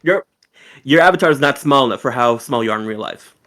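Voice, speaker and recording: A man's voice: medium pitch, animated, quick pace, bright, forceful tone. A man guest on a livestream, chatting casually with a teasing, drawling delivery that gets compared to a narrator's. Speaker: guest streamer.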